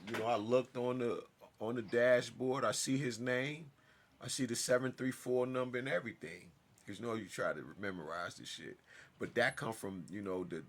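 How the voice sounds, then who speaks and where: A man telling a personal story in a casual monologue, emphatic and swinging from loud outbursts to hushed asides. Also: fairly low pitch, a little hiss or hum. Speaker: storyteller vlogger.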